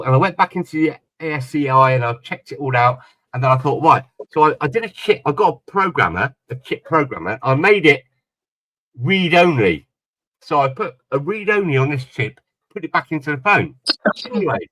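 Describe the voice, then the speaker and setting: Animated rambling man telling a story. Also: on the high side, no room sound, poor audio. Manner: animated, rambling, repeats words. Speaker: panel guest. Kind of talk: casual storytelling.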